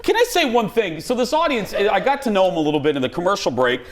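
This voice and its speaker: A man hosting a talk show in a studio, chatting and joking in an animated way. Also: fast talker. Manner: animated, joking, swoops between high and low. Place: TV studio with live audience. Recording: studio audience and room noise behind.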